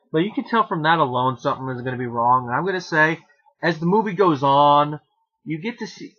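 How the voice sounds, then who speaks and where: Bright-voiced man reviewing a film. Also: mid-range voice, muffled recording. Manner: rambling, self-correcting, casually joking. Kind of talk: casual film review monologue.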